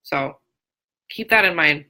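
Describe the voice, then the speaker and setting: Frank, chatty woman, low and bright. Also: expressive, takes it slowly, rough recording. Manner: frank, chatty, many fillers and restarts. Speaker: dog trainer. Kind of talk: live Q&A chat. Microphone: phone or webcam on a live stream.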